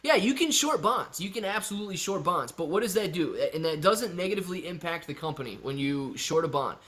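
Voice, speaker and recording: A man with a fairly high speaking voice hosts a casual live stream. He reads out viewers' comments, calls them "man" and "dude", and patiently walks through his answers. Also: lively intonation, fairly quick, fairly bright tone. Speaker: live-stream host answering chat questions.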